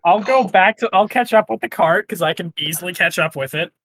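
A man playing a tabletop game, reacting quickly and swearing. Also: high voice, a bit bright, no room sound. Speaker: player.

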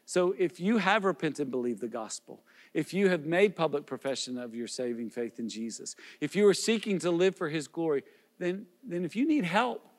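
A man's voice: a little high, expressive, moderate pace, in a large hall. A man preaching as a pastor, earnest and pleading, with repeated questions and small restarts. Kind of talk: sermon.

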